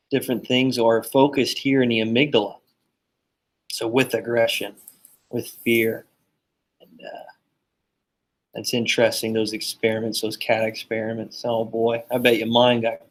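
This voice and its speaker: Guy lecturing on psych, loose and jokey, lots of uh and okay, mid-pitched voice. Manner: chatty, joking asides, many fillers. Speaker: teacher. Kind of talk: casual classroom lecture.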